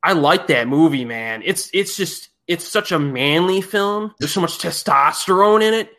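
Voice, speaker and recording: A man's voice: on the high side, expressive, normal speed, bright, forceful tone. A man hosting a casual movie podcast, retelling film plots with enthusiastic, rambling energy. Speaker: podcast host.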